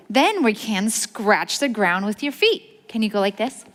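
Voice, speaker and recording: At a library storytime, a young woman reads a picture book aloud to children, coaxing them to join in with sounds and movements and leading call-and-response. Her voice sits on the high side, sing-song and slow with few pauses, echoing through a reverberant library hall.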